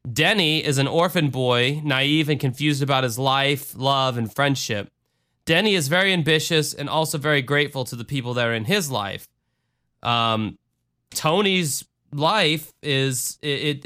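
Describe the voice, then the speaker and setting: A man hosting a podcast, talking in a dry, sarcastic deadpan with rambling restarts. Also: a little high. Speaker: podcast host. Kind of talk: casual podcast monologue.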